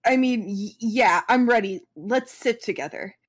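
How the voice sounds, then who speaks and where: A woman reading the lines of an awkward, flustered teenage boy from a fan story, halting and croaky. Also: on the high side. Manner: halting and croaky, stumbling over words.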